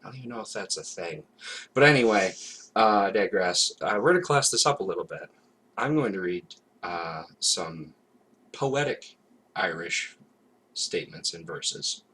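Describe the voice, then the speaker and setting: A man's voice: sits low, lively intonation, a little slow, fairly bright tone, a little hiss or hum. A man co-hosting a casual podcast, talking in a playful, hesitant way with many fillers. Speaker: podcast co-host. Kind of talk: casual chat. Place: home, recorded live.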